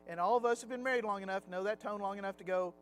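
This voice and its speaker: A middle-aged man with a notably high voice leads a relaxed Sunday Bible lesson in a church classroom. He talks in a chatty, anecdotal way, and a faint hum of music sits under his voice. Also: racing, rough recording. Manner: chatty, anecdotal, slips into acted quotes.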